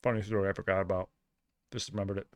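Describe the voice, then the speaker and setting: A man hosting a reaction video, telling a story in an excitable, casual way with swearing. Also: sits low, rapid-fire, no echo. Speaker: reaction channel host.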